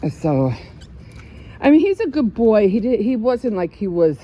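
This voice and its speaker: A woman's voice: mid-range voice, very animated, measured pace, highs cut off. An older woman chatting casually in a vlog, telling stories with frequent laughs and restarts. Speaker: vlogger. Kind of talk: casual chat.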